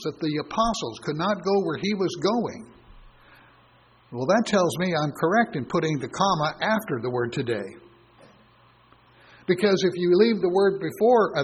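A man giving a sermon as a Bible teacher. He reasons aloud through scripture, pauses on fillers and voices imagined objections. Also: sits high, muffled recording, a little hiss or hum.

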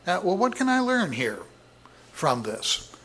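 A man preaching a sermon in a halting way, with many filler words and frequent throat clearing. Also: high-pitched, sing-song, a bit bright. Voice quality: husky, clears throat often.

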